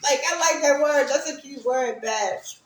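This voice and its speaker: A woman's voice: sits high, a little slow, echoey room, slight background noise. A woman hosting a livestream, talking casually and reflectively to her viewers and laughing often. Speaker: livestream host.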